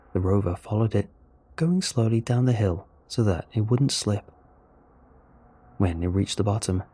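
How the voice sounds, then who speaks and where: A man narrating a first-person science fiction story in a steady, even manner. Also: lowish voice, slightly rough. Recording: faint music underneath.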